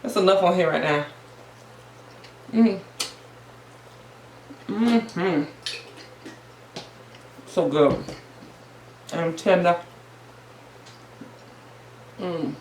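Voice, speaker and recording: Extremely slow with long pauses, a woman with a low, darkish voice hosts a casual mukbang eating vlog. She's playful and sing-song and calls her viewers honey, recorded in an echoey room with faint noise in the background.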